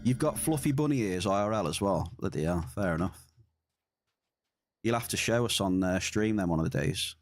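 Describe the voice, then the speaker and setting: Male streamer, lowish voice, dry close mic, relaxed banter. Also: normal speed, dry recording. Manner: chatty, reads and answers chat. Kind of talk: casual gaming stream chat.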